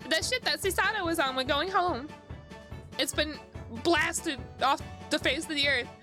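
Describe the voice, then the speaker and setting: A woman's voice: high-pitched, measured pace, voice pushed up. A woman voicing a cheerful, bubbly young girl, reading game lines in a lilting, upbeat way over background music.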